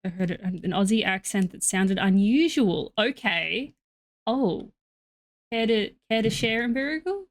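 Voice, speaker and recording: A woman's voice: mid-range voice, animated, a little slow. A woman streaming a game, chatting playfully with her viewers and often repeating words as she talks. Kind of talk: casual chat with stream viewers.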